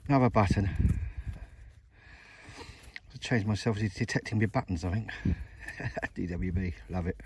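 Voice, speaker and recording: A man's voice: low voice, unhurried, pauses often, a little mellow, husky. A middle-aged man with a West Country accent, chatting to viewers while metal detecting in an open field. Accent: English West Country. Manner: chatty, addresses viewers as mate and guys. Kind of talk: casual outdoor commentary. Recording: noisy outdoor field recording.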